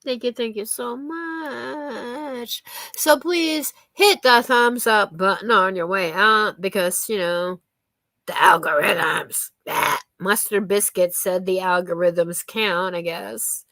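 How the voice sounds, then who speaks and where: A woman's voice: medium pitch, slow pace, bright, forceful tone, no room sound. A woman chatting casually with viewers on a live stream, giggling often and thanking them by name.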